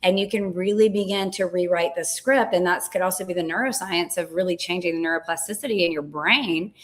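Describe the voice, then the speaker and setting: A woman coach, a guest on an interview, explaining ideas in a lively, animated way and acting out little voices. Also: fairly low pitch, a little fast. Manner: animated, dramatizes with acted-out voices. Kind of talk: casual interview chat.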